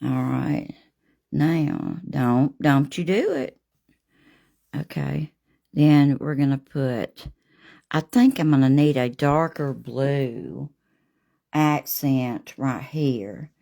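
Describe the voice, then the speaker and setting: A woman hosting a live painting demo, chatting warmly with viewers by name as she works. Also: a bass voice, extremely slow, creaky. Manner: homey and gushing, talks to viewers by name.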